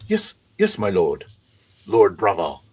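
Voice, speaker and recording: A man doing a hoarse whispering butler. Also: on the low side, wildly swooping pitch, slow pace, darkish tone, exaggerated voice. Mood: fretful. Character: nervous hoarse male butler.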